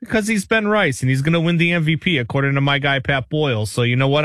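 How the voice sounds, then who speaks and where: A man's voice: mid-range voice, fast talker, few pauses, fairly bright tone, dry recording, clean studio sound. A man, a show producer, making his pick in a playful, hyped way. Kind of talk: casual sports talk.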